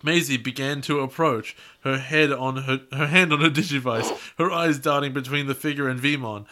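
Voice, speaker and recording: A bright-voiced man reading a story. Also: medium pitch, normal speed. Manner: teasing, laughs mid-sentence. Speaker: podcast co-host and narrator. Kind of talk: reading a story aloud with banter.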